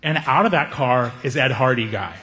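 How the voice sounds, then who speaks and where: A man telling a stand-up story, animated, acting out the people in it. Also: mid-range voice, normal speed. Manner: animated, acts out characters. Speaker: stand-up comedian. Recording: echoey hall reverb.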